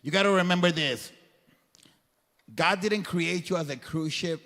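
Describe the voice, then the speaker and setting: A man's voice: high voice, a little slow, sharp tone. Earnest preacher-like man in echoing hall. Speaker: guest speaker. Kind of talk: motivational faith talk. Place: event hall before a crowd. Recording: long hall reverb.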